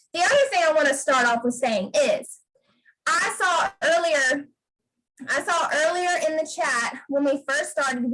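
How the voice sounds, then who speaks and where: Woman, high voice, pep talk, emphatic, video call. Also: fairly bright tone, rough recording. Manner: emphatic, repeats "okay?" to drive points home. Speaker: guest speaker on a sales team video call.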